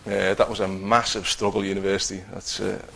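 A middle-aged man telling his personal Christian testimony in an earnest, halting way, with many restarts. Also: low voice, level tone, creaky, fairly bright tone, slight background noise, low-quality recording. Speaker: Christian teacher giving testimony.

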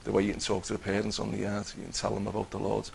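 A middle-aged man telling his personal Christian testimony in an earnest, halting way, with many restarts. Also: on the low side, completely flat delivery, creaky, a little hiss or hum, poor audio. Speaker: Christian teacher giving testimony.

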